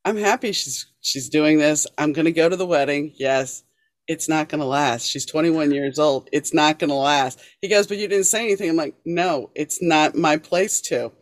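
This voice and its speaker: A woman's voice: low-pitched, no echo. Storytelling woman host, dry close sound. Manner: storytelling, animated when quoting, calm and measured between quotes. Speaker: podcast host. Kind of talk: casual interview conversation.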